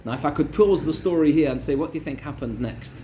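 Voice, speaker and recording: A man, a rabbi, telling a story in a lively Torah lesson, repeating words for emphasis. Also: a little high, fast talker, a little hiss or hum. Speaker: rabbi teaching a weekly class.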